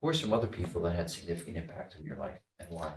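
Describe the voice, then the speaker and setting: A man hosting an interview, asking measured, thoughtful questions. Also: deep voice. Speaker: interview host. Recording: roomy sound, distant mic, faint noise.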